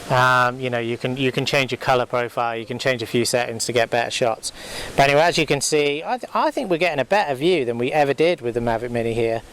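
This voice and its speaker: A man's voice: mid-range voice, quick pace, fairly bright tone, poor audio. A man giving casual, rambling commentary outdoors while flying a drone, with lots of fillers and restarts. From United Kingdom. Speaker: drone vlogger. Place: outdoors by a river.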